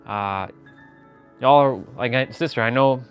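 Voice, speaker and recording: A man's voice: mid-range voice, unhurried, clean tone, soft background music. A man chatting casually on a live stream from his phone at home, rambling and greeting viewers by name. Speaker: vlogger. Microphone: phone on gimbal.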